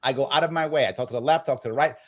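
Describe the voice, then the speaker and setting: In rapid-fire delivery at a medium pitch, a man speaks as a political guest during an interview. He makes his case in an emphatic, persuasive way.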